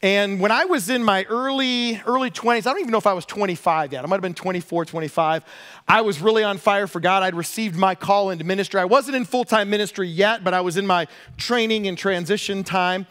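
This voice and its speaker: A pastor preaching a sermon, telling a personal story with lively, self-deprecating humor. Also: male voice, sits high, fairly quick.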